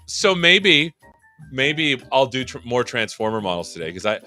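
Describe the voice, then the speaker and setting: A man's voice: medium pitch, very animated, moderate pace, bright, forceful tone, soft background music. A man hosting a livestream tech show, chatting casually and joking at his own expense. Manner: joking, self-deprecating. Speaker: show host.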